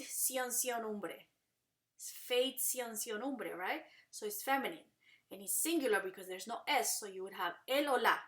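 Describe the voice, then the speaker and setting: Bright-voiced woman teaching a language lesson. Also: a little high. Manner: patient, drills rhymes and asks check-in questions; slows down sharply on example words. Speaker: Spanish teacher.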